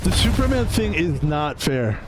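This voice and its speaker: Excitable man streaming a game. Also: a little high, normal speed, very noisy. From Philadelphia, US East Coast. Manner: excitable, swears casually, talks to himself while playing. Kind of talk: live gameplay commentary.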